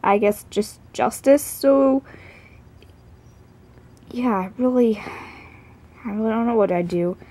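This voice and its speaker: A woman's voice: a little high, slow, long pauses, warm tone. Woman voicing a teasing male cat. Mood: thoughtful. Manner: casual, teasing, rambling in spurts.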